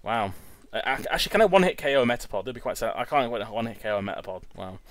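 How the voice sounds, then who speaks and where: A man's voice: medium pitch, big pitch swings, rapid-fire, dry recording. A young man in his twenties hosting a let's-play, rambling casually and tripping over his words. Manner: chatty, rambling, stumbles and repeats words. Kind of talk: casual gameplay commentary. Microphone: home recording setup.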